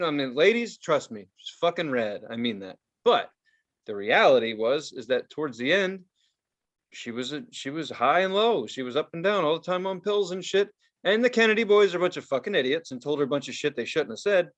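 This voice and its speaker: A man on a casual podcast, talking in a high voice that swings wildly up and down. He rants in an animated, profane way, with lots of cursing and exaggerated outbursts. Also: a little fast. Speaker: podcast co-host. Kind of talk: casual chat.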